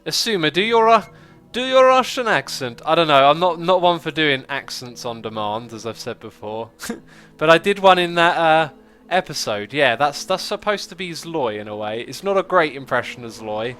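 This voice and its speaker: Man, game livestream host, casual chatty banter, slightly high voice, faint music underneath. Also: animated, normal speed, few pauses, clear, resonant tone. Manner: chatty, reads viewer comments aloud and thinks out loud. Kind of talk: casual gameplay livestream chat.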